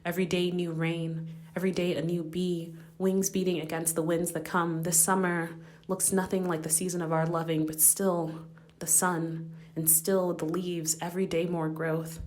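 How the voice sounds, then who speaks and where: Young woman, lowish flat voice, lyrical playful poem reading. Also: normal speed. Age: young adult. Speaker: spoken word poet. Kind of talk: spoken word poetry.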